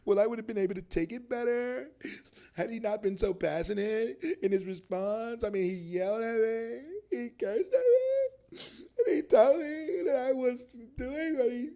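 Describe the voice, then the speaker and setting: A man's voice: normal speed, dark tone. A man putting on the voice of a whiny, easily hurt employee who sobs and pleads. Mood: weepy whining. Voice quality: high, sobbing, pleading.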